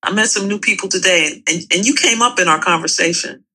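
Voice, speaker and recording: Bright-voiced woman co-host, halting and earnest. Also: medium pitch, poor audio. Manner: earnest, halting, repeats words. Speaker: podcast co-host. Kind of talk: casual chat.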